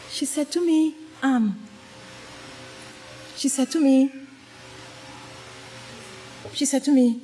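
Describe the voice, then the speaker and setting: A woman giving a dramatic, humorous sermon-style talk to a congregation, swinging between loud exclamations and hushed tones and often asking the audience questions. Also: high-pitched, lively intonation, takes it slowly, pauses often, faint music behind. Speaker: speaker at a women's presentation to a congregation. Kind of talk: preaching with humorous storytelling. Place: congregation gathering.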